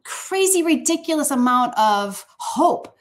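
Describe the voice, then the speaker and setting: Woman putting on a high coaxing divine voice. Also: lively intonation, slow pace. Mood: incredulous urging. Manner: high, coaxing, playfully incredulous. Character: exuberant male divine voice urging bold hope. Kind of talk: sermon with acted quotes.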